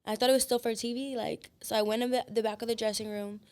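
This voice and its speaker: A woman guest on a podcast, telling her story in a blunt, profane and animated way. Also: fairly high pitch, fast. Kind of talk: casual storytelling chat.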